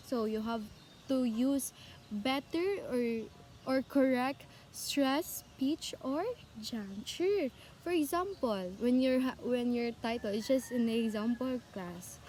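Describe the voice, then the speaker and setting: Young woman teacher, Cebuano accent, unhurried, repetitive online lecture, faint hiss behind. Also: high-pitched, a little mellow. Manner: repetitive, self-correcting, asks the class questions.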